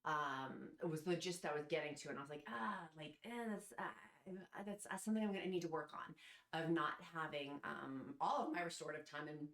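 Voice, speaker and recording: A woman's voice: sits low, moderate pace, fairly bright tone, echoey room. A woman talking straight to camera in a vlog, tearful and heartfelt, rambling with fillers. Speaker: vlogger. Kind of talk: emotional casual vlog. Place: at home, in her robe.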